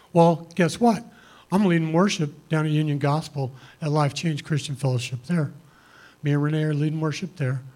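A man's voice: on the high side, a little mellow. A middle-aged man speaking plainly and earnestly, giving a personal testimony to a congregation. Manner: earnest, conversational, plain-spoken. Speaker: church member giving testimony.

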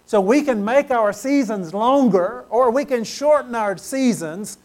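High-voiced pastor preaching emphatically. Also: male voice, lively intonation, unhurried. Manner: emphatic preaching, swelling to loud praise, calls for amens. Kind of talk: sermon.

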